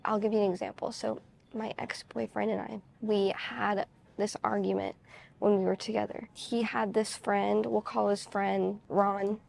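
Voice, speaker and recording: Woman with a heavily gravelly voice. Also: medium pitch, level tone, measured pace, darkish tone. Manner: rambling, full of "like" fillers; candid, confessional storytelling. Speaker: vlogger. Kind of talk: casual chat to camera.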